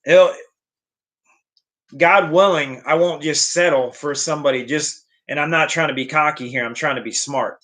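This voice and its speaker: In this casual motivational vlog, a young male vlogger addresses the camera earnestly at a normal speed. His voice is a little high and somewhat bright, and he often circles back to repeat or restart what he's saying.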